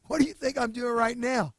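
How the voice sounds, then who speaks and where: A calm, contented fisherman, as a preacher puts him on, relaxed and unbothered. The voice is very high for a man, with a dry, close sound. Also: moderate pace, husky, no echo.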